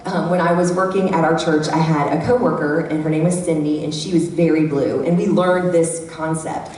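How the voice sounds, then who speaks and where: A middle-aged woman giving a lively workshop talk to a live audience, acting out the voices she quotes. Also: deep voice, normal speed. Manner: animated, acts out quoted voices. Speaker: workshop speaker. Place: church hall. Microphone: handheld microphone. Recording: echoey hall from far off, faint background hum.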